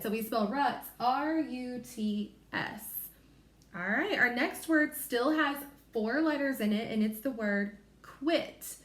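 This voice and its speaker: Slow, patient woman teaching phonics. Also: mid-range voice, reverberant. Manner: slow, sounding out letters and word parts. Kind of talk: recorded phonics lesson for young children.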